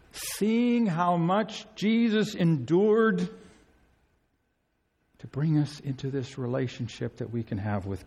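A man preaching a sermon in an earnest, pleading way, swinging between soaring emphasis and hushed tenderness. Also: on the high side.

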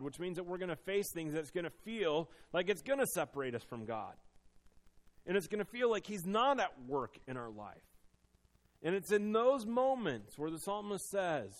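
A man delivers a sermon in a voice pitched a little above the usual. He talks earnestly and personally, dropping to a hushed, confessional tone and then rising into firm, emphatic preaching. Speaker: pastor.

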